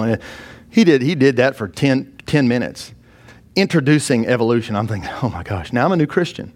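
A man with a middle-pitched voice tells a story from the pulpit in an animated, self-mocking way. He stumbles through frequent restarts and swings between hushed and excited delivery. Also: normal speed. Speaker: preacher giving testimony. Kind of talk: sermon storytelling.

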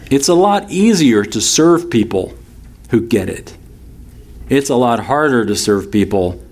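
A man's voice: medium pitch, a little mellow. A man preaching a sermon, reading scripture aloud and explaining it in a conversational, expository way. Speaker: pastor.

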